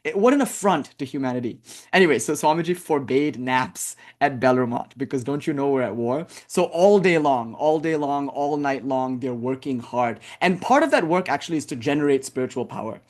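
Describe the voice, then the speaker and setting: Impassioned man giving a spiritual talk. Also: fairly high pitch. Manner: impassioned, conversational, many "like"s and "you know"s. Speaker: spiritual teacher. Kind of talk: casual dharma talk.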